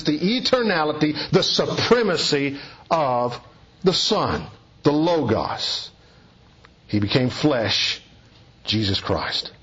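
A man delivers an expository sermon from the pulpit, hammering home his points by repeating key phrases. His voice sits a bit high for a man and has a husky, breathy edge. The recording is dull and lo-fi. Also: fairly bright tone. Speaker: preacher.

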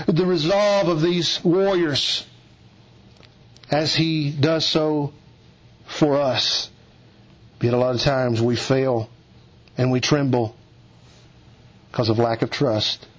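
A man preaching a sermon, emphatic, dropping low and hushed, then rising with urgency. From Eastern Kentucky. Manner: emphatic, swings between low hushed lines and raised urgent ones. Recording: dull lo-fi sound.

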